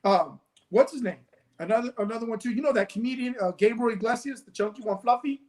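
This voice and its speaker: A man's voice: extremely high pitch, quick pace, crowd noise, rough recording. A man co-hosting a casual political chat, telling stories with plenty of animation. He acts out the other people in his stories as he goes along. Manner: animated storytelling, acts out quoted dialogue.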